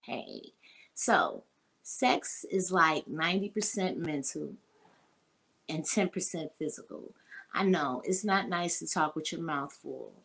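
A woman's voice: sits low, lively intonation, slow, gravelly, fairly bright tone. A woman hosting a podcast, talking bluntly and explicitly and quizzing her listeners. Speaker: podcast host. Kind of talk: casual frank talk with listeners.

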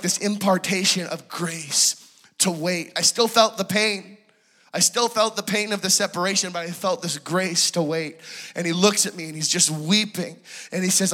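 A man with a bright, somewhat high voice gives a sermon testimony at a church service. He talks in hushed, tender tones and builds to impassioned pleading. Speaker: preacher.

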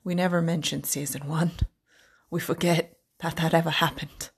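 A young woman talks on her own podcast from her kitchen, chatty and frank, and she laughs easily and drifts from thought to thought. Her voice sits on the low side and has a gravelly fry to it. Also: little pitch movement, moderate pace. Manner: candid, rambling, laughs often, says like a lot. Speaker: podcast host. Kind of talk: casual solo podcast chat. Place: home kitchen.

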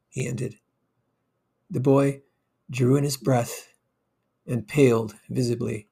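A man reading an old short story aloud in a measured, even way. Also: mid-range voice, creaky, breathy edge. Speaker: narrator.

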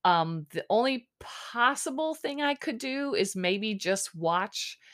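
A woman's voice: on the high side, animated, takes it slowly, fairly bright tone. A woman hosting a podcast, recapping a dating show in casual chat, exasperated and sarcastic with lots of fillers. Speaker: podcast host.

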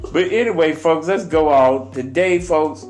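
A man's voice: on the high side, darkish tone, reverberant. A man co-hosting a podcast who vents in a heated, emphatic way, cursing and stretching out his words for stress. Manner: heated, cussing, drawn-out emphatic delivery. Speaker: podcast co-host. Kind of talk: casual podcast chat, ranting.

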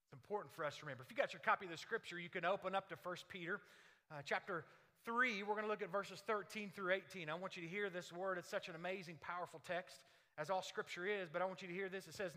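High bright-voiced man preaching in a hall. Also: fast. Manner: animated storytelling with jokes, dramatic drops in volume. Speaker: pastor. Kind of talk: sermon. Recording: long hall reverb.

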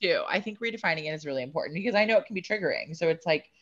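Easygoing woman co-host, low voice. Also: lively intonation, rapid-fire, lo-fi sound, a crowd in the background. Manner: easygoing, agreeable, uses fillers. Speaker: podcast co-host. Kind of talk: casual chat.

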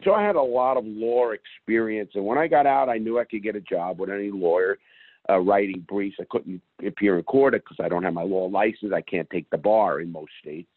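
A man's voice: fairly low pitch, brisk, no echo. A middle-aged man guest telling a story in an interview in a blunt, streetwise way. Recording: phone-like call audio.

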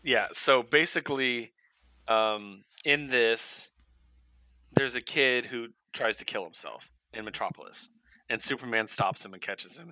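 A man's voice: fairly low pitch, bright, forceful tone, dry recording, low-quality recording. A man co-hosting a comics podcast, retelling a story in casual chat and acting out the characters' lines with laughs.

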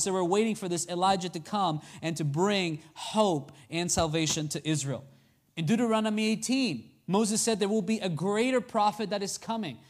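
A man preaching a sermon in a conversational way, often asking his listeners questions. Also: high-pitched. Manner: conversational, asks the congregation questions.

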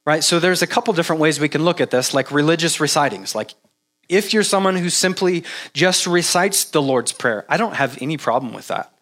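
Male pastor, relaxed conversational sermon, animated delivery, pitch a touch high. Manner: animated, jokey mimicry of repetitive prayer; halting, lots of "like" and restarts.

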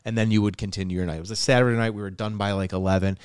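A young adult man from Buffalo, New York, a comedian guest telling a wild story in casual chat, animated and swearing. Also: on the low side, rapid-fire, clean tone, no room sound, clean studio sound. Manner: animated, swearing, gets loud and laughs as the story builds.

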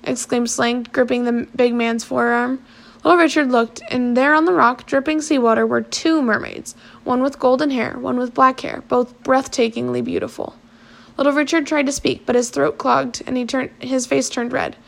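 A woman reads a storybook aloud in a high voice with a gravelly, creaky grain. She keeps a steady pace and now and then corrects herself mid-phrase. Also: moderate pace. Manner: steady reading with occasional self-corrections. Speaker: story reader.

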